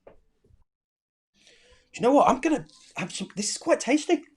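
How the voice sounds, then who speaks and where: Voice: mid-range voice, very animated, moderate pace, slightly rough. Encouraging teacher in an online lesson. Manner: encouraging, praising, reads out answers. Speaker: primary school teacher. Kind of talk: live online lesson for children.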